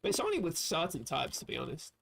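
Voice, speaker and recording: A man's voice: a little high, huge pitch swings, quick pace, gravelly, a bit bright, slight background noise. A man from England, chatting casually and profanely on a livestream while reading chat aloud. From southern England. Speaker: livestream host.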